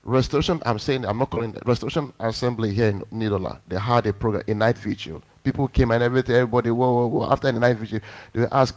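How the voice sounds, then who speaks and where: A man's voice: mid-range voice, rapid-fire, hardly any pauses. A male pastor preaching a sermon, telling a personal story and acting out the lines of the people in it. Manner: animated storyteller acting out quotes.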